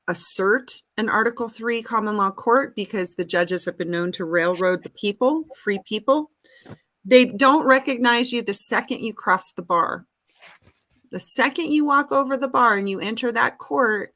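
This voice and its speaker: A woman's voice: medium pitch, bright, forceful tone. A woman hosting a live question and answer session, lecturing in an earnest, emphatic way. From United States. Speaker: host answering audience questions. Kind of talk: live Q and A talk.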